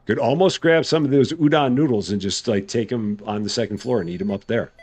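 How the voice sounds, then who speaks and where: A man's voice: mid-range voice, a little fast, darkish tone. A man giving casual live gameplay commentary as a streamer, chatty and good-humored, thinking aloud. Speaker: game streamer.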